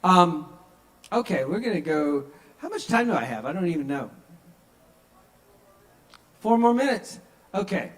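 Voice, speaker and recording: A man's voice: sits high, very animated, unhurried, pauses often, poor audio. Chatty male stand-up storyteller. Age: under 45. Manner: conversational storytelling, acts out quoted voices. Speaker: open mic comedian. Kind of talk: stand-up comedy set. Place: small kava bar at an open mic.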